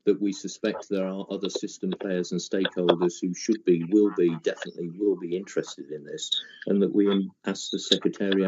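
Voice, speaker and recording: A man with a very low voice chairs a committee meeting, thanking contributors and checking for agreement in a measured, inclusive way. The audio is dull and muffled, with a faint hiss underneath.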